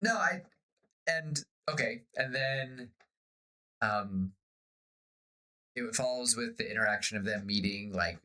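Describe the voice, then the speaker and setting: A man co-hosting a podcast pitches a story idea in casual conversation. He's animated, breaking into quick bursts of pirate lines, and the podcast audio sounds slightly off.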